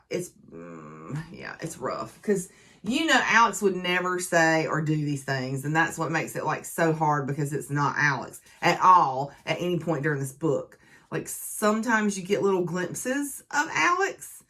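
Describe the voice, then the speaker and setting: A woman with a somewhat low voice talks through a book review in a relaxed, chatty way. She recaps the story conversationally, leaning on easy fillers as she goes.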